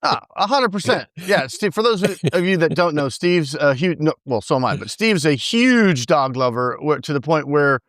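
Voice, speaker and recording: A man's voice: fairly high pitch, sing-song, normal speed, few pauses, a bit bright, dry recording, clean studio sound. A younger man co-hosting a casual podcast about debt, easygoing and a bit hesitant, laughing along. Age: younger adult. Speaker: podcast co-host, debt consultant. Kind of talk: casual chat.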